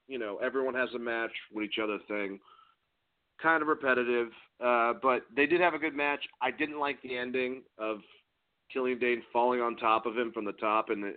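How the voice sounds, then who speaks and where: Dude recapping stuff casually, mid-pitched voice, sounds like a phone line. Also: male voice. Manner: loose and chatty, with fillers and swearing. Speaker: podcast co-host. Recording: tinny phone-like audio.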